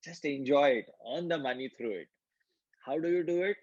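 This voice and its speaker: A man leading an online group healing session, giving calm instructions and slowly repeating affirmations for the group to chant. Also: on the high side, no echo, muffled recording. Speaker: workshop facilitator.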